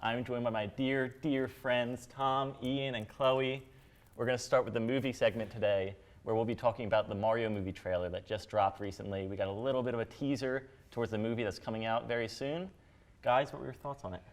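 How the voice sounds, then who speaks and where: A man's voice: mid-range voice, steady tone, fairly quick. A man hosting a casual panel chat, friendly and leading the conversation. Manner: friendly, leads the talk. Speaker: host.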